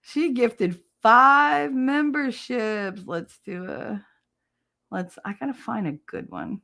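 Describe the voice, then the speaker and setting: A woman's voice: on the high side, very animated, slow, creaky. Laughing Jersey woman streamer. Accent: New Jersey. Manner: loud, laughing, profane storytelling. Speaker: livestream host. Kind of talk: casual livestream chat.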